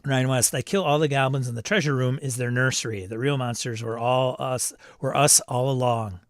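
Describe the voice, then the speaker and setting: A man keeps a steady tone at normal speed while casually hosting a live stream, reading viewer comments aloud and often laughing. His voice is medium-pitched, and the recording is dry with clean studio sound.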